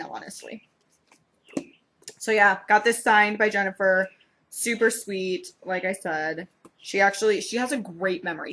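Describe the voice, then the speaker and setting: Bright, gushing young woman vlogger. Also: fairly low pitch, breathy edge. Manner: gushing, excitable fangirl chatter. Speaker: book blogger. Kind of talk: casual book haul vlog.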